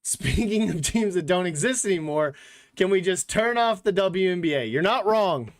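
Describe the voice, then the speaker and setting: High-voiced, rambling male podcast host. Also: lively intonation, normal speed. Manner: rambling, filler-heavy talk with frequent "like" and "literally"; blunt, joking opinions. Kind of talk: casual sports podcast chat.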